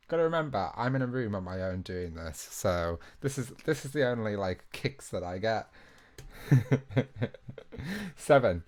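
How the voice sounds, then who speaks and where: A man's voice: lowish voice, animated, measured pace, pauses often, a little mellow. A young man hosting a live online quiz alone in a small room, chatty and self-mocking as he reads out the questions. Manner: chatty and self-mocking, laughs at his own attempts at impressions. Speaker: quiz host.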